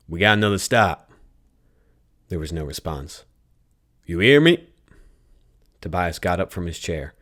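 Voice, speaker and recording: Very deep-voiced male audiobook narrator.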